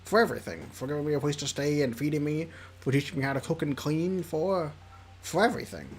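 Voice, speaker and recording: A man's voice: on the high side, fast talker, a little hiss or hum, lightly acted. A man voicing a shy, flustered young zombie woman who stammers and puts herself down. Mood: earnest. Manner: stammering, self-deprecating.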